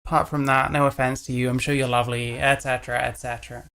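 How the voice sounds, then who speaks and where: Woman, gravelly voice, from England, sardonic, rambling livestream commentary. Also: very deep voice, flat delivery, quick pace, fairly bright tone. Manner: sardonic, mocking, rambling asides. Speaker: livestream host reacting to clips. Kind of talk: casual commentary.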